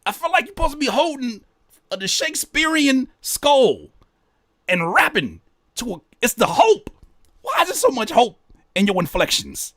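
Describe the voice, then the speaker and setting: Animated joking man, high voice. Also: normal speed, no room sound, clean studio sound. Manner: animated, joking, rereads lyrics aloud; profane slang. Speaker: reaction host. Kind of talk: casual reaction commentary.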